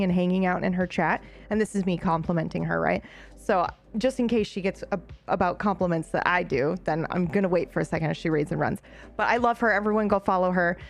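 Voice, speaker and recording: A woman streamer chatting casually with her live chat, bubbly and giggly, with frequent laughs and asides. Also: lowish voice.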